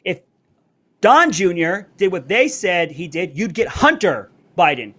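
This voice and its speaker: A man hosting a live political commentary stream, talking brashly and fast. His voice sits high for a man. He plugs his merch between rants. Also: sing-song, pushed and bright. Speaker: show host. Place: Florida.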